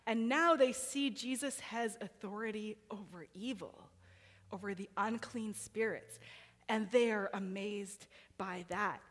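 A woman preaches a sermon in a relaxed, conversational way, turning to her listeners with questions. Her voice sits a little high, and a long hall reverb trails behind her words.

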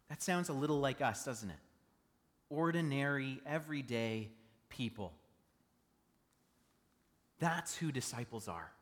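A man's voice: a little high, a bit bright. Conversational male pastor in a reverberant hall. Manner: conversational, asks the congregation questions. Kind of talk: sermon. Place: church stage.

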